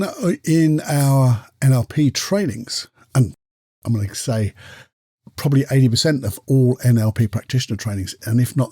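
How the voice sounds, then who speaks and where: A man's voice: mid-range voice, darkish tone, slightly rough, dry recording, clean studio sound. A man hosting a casual solo talk. He chats freely, acts out the people he quotes and keeps asking rhetorical questions. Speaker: podcast host and coach.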